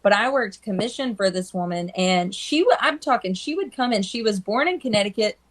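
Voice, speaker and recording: Speaking into a phone during a live stream, a female hairstylist spins animated stories in a casual way, acting out whoever she's quoting. She has a mid-range voice and talks briskly.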